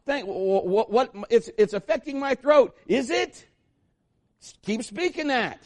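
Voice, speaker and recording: High-voiced emphatic man preaching. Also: lively intonation, a little slow, darkish tone. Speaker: pastor. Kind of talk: sermon.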